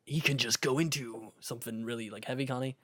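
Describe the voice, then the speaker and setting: A man's voice: mid-range voice, steady tone, fast, a bit bright, dry recording, clean studio sound. A man co-hosting a casual podcast, laid-back and easygoing in his banter. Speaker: podcast co-host. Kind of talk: casual chat.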